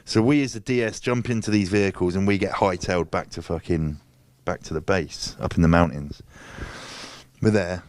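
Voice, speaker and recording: A man's voice: sits low, moderate pace, dry recording. A man telling a story in casual chat. He swears freely and acts out other people's lines. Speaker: guest.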